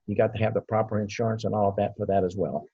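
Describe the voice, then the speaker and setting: A man in his fifties pitching his restoration business in a confident, lecturing way. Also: steady tone, fast talker, gravelly, breathy edge, dry recording. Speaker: cleaning and restoration business owner. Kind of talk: business pitch on a video call. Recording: dull, dry video call audio.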